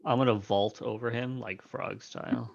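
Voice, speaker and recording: A man's voice: medium pitch, fairly even intonation, normal speed, vocal fry. A man plays a tabletop game, laid-back and joking as he describes his character's moves. The audio sounds dull and muffled. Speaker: player. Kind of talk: casual tabletop game chat.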